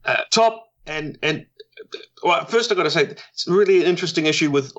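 A man with a New Zealand accent, a podcast guest recapping in a rushed, self-deprecating way. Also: fairly high pitch, expressive, a bit bright, highs cut off. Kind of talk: casual chat.

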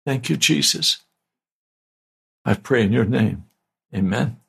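A man's voice: mid-range voice, expressive, takes it slowly, creaky, a bit bright, slightly rough. A man hosting a radio broadcast, praying and preaching fervently and pleadingly. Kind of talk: radio sermon and prayer.

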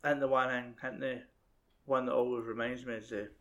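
A man's voice: medium pitch, little pitch movement, brisk, fairly bright tone, highs cut off. A man with a Scottish accent chatting about films in a laid-back, sweary way, full of "like" fillers. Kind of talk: casual chat about films.

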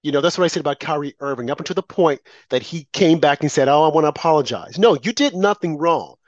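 A man's voice: on the high side, quick pace, no echo, highs cut off. A man giving an emphatic political monologue, indignant and full of rhetorical questions. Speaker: commentary host.

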